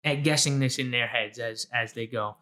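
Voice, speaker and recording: Bright-voiced playful man. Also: mid-range voice, moderate pace. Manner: playful, laughs often, teasing. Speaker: trivia quizmaster. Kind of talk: casual chat.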